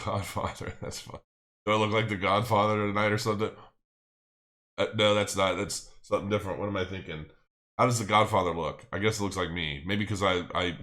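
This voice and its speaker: Middle-aged guy rambling on his live stream, kinda bright forceful tone. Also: low voice. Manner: rambling, thinking aloud with many restarts. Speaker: crypto channel host. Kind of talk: casual livestream chat, reading viewer comments.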